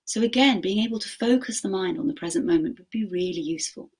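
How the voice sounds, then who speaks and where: A woman teaching mindfulness to teachers. She asks the group questions, checks in with "okay?", and slows to a gentle pace when she guides a practice. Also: mid-range voice, breathy edge.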